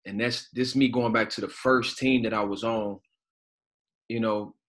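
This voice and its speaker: A man's voice: lowish voice, a little slow. A man in his thirties from Chicago, a guest telling stories in a casual, slangy, profane way over a video call. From Chicago, United States. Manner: animated storyteller, slangy and profane. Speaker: guest, professional basketball player.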